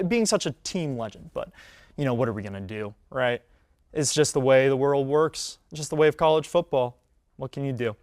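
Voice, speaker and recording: A man in his twenties hosting a solo sports talk show, casual and animated, with frequent fillers and restarts. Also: on the high side, no room sound, studio quality. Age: 20s. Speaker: podcast host; college student.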